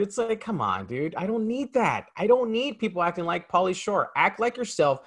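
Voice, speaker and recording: A man's voice: sits high, big pitch swings, fairly quick, few pauses. A man co-hosting a film review podcast, griping emphatically and casually about a movie. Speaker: podcast co-host.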